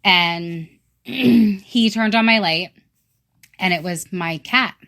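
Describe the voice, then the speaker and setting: Woman guest, casual story-telling, swears and laughs a lot, mid-pitched. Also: takes it slowly. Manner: relaxed, laughs and swears while telling stories. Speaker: podcast guest.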